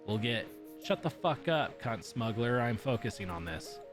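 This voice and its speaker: A man's voice: big pitch swings, normal speed, music in the background, lightly acted. A man voicing a surly, foul-mouthed winged teenage girl while reading a visual novel aloud, curt and muttering. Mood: snarling. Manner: curt, profane, low and muttered.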